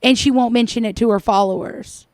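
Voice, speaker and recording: Snarky female reaction commentator, higher pitch, dry close mic, scolding tone. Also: fairly quick, no echo. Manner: sarcastic, scolding, mocking. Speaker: commentator reacting to another vlogger.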